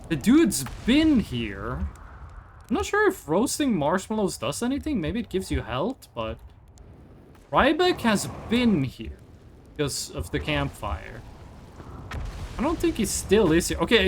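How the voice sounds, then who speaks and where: A live streamer commenting on a space exploration game, thinking out loud and swearing when startled. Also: medium pitch, huge pitch swings, moderate pace, slight background noise.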